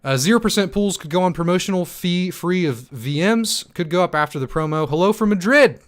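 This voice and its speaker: A man's voice: sits high, lively intonation. Hyped-up man answering livestream chat. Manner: hyped, fast, lots of ums and repeats. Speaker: stake pool operator and channel host. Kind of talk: livestream Q&A reading chat comments.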